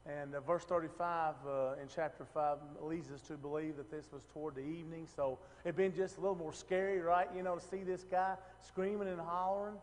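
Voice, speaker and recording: This is a man teaching scripture in a loose, chatty way, full of restarts and questions like "right?" thrown to the room. His voice sits high for a man. A long reverb trails behind him. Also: steady tone, brisk, hardly any pauses. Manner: conversational, asks the room questions, many restarts. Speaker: preacher. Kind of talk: casual Bible teaching.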